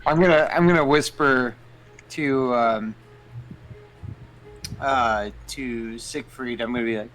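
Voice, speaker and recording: A man's voice: mid-range voice, slow, pauses often, fairly bright tone, faint music behind, low-quality recording. A man playing a tabletop role-playing game, talking casually and repeating words as he starts. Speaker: player.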